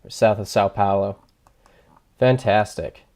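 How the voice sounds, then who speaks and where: A man streams a game and thinks aloud, reading out his viewers' comments and joking about himself. His voice sits low and he talks slowly. Keyboard clicks and typing can be heard behind him. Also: fairly even intonation, a little mellow. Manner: thinking aloud, chatty and self-deprecating, reading chat. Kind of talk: casual livestream commentary.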